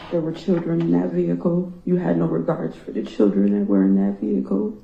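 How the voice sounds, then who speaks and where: A tearful woman speaking to a courtroom in a halting, grief-stricken way, her voice breaking, recorded as echoey, muffled courtroom audio. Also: fairly low pitch, expressive, vocal fry, slight background noise. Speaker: victim's relative giving a statement in court. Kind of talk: emotional victim impact statement.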